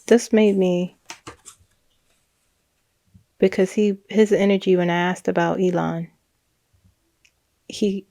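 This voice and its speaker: A woman's voice: mid-range voice, vocal fry, mellow, no room sound. A woman, a psychic reader, casually recounting a reading in a chatty, rambling way with frequent laughs and restarts.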